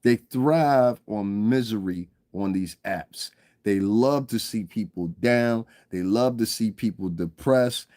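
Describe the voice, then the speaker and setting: A man's voice: on the low side, takes it slowly, dark tone, no echo, studio quality. Profane rambling male livestream host. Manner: profane, rambling, keeps asking "you understand what I'm saying", laughs often. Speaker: livestream commentator. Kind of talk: rambling casual livestream commentary.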